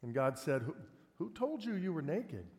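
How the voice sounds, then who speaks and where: A man's voice: fairly high pitch, sing-song, normal speed, a little mellow. A male pastor preaching a sermon in a conversational way, asking his listeners rhetorical questions. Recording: long hall reverb.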